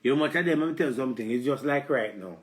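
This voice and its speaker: Speaking rapid-fire in a mid-range voice from an echoey room, a Jamaican-accented man lectures his live-stream listeners directly. He rambles preachily, repeating "let me tell you something."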